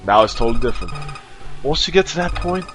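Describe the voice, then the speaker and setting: A man's voice: medium pitch, big pitch swings, fast, over music, natural voice, low-quality recording. A man voicing a cheerful, teasing young woman in a game, in a raised, playful girlish delivery.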